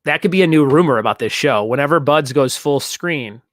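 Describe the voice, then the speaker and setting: A young man hosting a casual trivia stream, his voice sitting a little high for a man. He jokes and rambles between questions and reads viewer comments aloud. The sound is dry and close, with almost no room around it. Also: lively intonation, brisk, no echo. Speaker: trivia show host.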